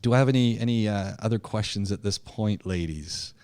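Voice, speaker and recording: A man teaching an online public speaking class, talking in an animated, emphatic way, often repeating himself and restarting his sentences. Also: lowish voice, brisk, clean tone, no echo. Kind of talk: live online class lecture.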